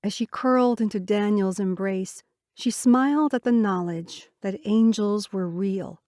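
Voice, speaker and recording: A woman narrates an audiobook from a script in a mid-range voice, gentle and measured in her storytelling. The audio is clean studio sound with no room sound.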